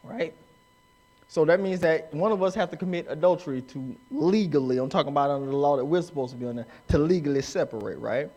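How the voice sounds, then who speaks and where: A man preaching a live sermon in church, emphatic and rising to shouts as he acts out the people he quotes. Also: fairly high pitch, fast. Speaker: pastor. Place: church sanctuary.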